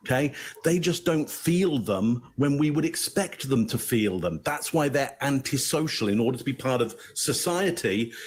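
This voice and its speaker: A man in his fifties giving measured, explanatory commentary as a body language analyst. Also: mid-range voice, slightly rough. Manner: explanatory, measured, occasional chuckles.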